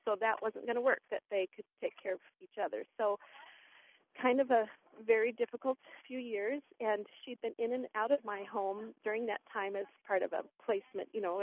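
Female caller, husky and higher pitched, tender and laughing, muffled line. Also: fairly even intonation, brisk. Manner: tender, laughing, a bit choked up. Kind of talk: phone-in storytelling. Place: schoolyard.

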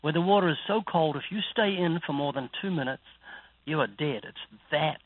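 On a dry, phone-like line with no room sound, a New Zealand man being interviewed about faith talks at a normal speed in a voice on the high side. This evangelist guest preaches earnestly and brings his stories vividly to life.

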